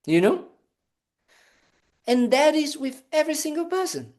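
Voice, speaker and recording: Unhurried and sing-song, his very high-pitched voice a little mellow, a man who is a Buddhist monk gives a casual dharma talk. It's conversational and playful, with plenty of "you know" fillers and restarts and little scenes acted out with "da, da, da."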